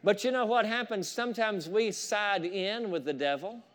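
A man with a high voice preaches a fervent sermon. He talks straight to the congregation, and his praise rises into loud calls. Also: moderate pace. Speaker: pastor.

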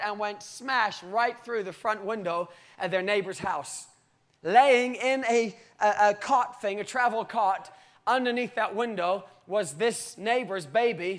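Male preacher, very high voice, sermon, swells to loud slow cries, sinks quiet. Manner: rises to loud, drawn-out cries, then drops low.

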